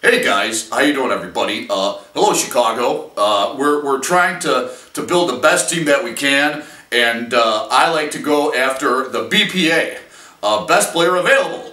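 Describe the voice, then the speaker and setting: An earnest football general manager speaks in a formal, halting way with plenty of pauses, as a man puts on the voice. The voice is deep and bright-edged. It sounds a bit off-mic in an echoey room. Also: lively intonation, far from the mic. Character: earnest, plain-spoken male football team general manager. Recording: roomy echo, a little off-mic.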